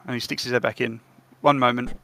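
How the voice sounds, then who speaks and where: Hesitant game master, bright voice. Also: male voice, medium pitch, fairly even intonation, fast talker, vocal fry, dry recording. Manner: hesitant, many fillers. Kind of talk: narrating a tabletop game.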